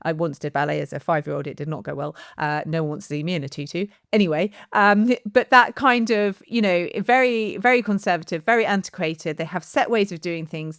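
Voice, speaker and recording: Chatty, low-voiced woman podcast host. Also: no room sound, clean studio sound. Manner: chatty, self-deprecating, hesitant fillers. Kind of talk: casual interview chat.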